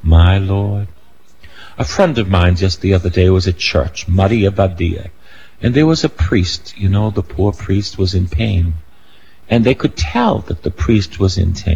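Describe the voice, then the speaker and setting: Slow, emphatic older man preaching. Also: deep voice, vocal fry, lo-fi sound, a little hiss or hum. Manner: emphatic, rising to shouts on key lines, with asides and self-corrections. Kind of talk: sermon.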